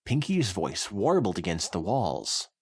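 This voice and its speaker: A man's voice: sits low, lively intonation, measured pace, a bit bright, dry recording, clean studio sound. A man co-hosting a podcast, reading fanfiction aloud with wry banter and easy laughter. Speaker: podcast co-host and narrator.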